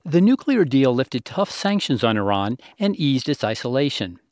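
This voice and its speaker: A male national security correspondent reading a scripted news report in a measured, emphatic way. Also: mid-range voice, very animated, darkish tone, no room sound, clean studio sound.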